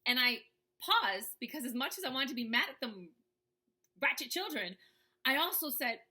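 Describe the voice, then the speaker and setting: A woman's voice: high-pitched, very animated, moderate pace, pushed and bright. A woman coaching viewers in a casual talk to camera, checking in with "right?" as she goes. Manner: conversational, often asks "right?".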